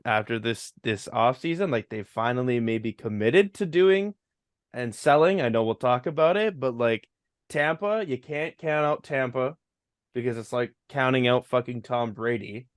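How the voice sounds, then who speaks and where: A man's voice: medium pitch, animated, moderate pace, no room sound, studio quality. A man co-hosting a casual sports podcast, hesitant and full of fillers.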